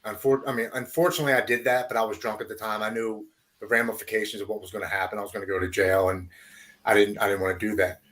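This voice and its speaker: A man, a podcast guest, telling his recovery story haltingly, repeating words and going quiet at hard moments. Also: on the low side, flat delivery.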